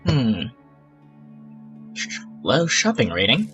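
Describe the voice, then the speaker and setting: Lively, bright-voiced gaming guy. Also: medium pitch, takes it slowly, soft background music. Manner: rambling, self-talking, exasperated asides. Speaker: gaming channel host. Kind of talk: casual let's-play commentary.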